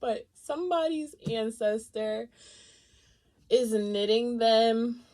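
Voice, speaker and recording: A woman giving a live tarot reading, chatty and expressive, speaking straight to her viewers. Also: a little high, slow pace. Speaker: tarot reader.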